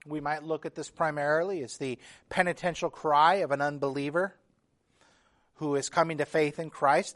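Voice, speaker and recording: A man preaching a sermon as pastor, earnest and emphatic, reading scripture aloud with feeling. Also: on the high side. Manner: earnest preaching, building emphasis with repeated phrases.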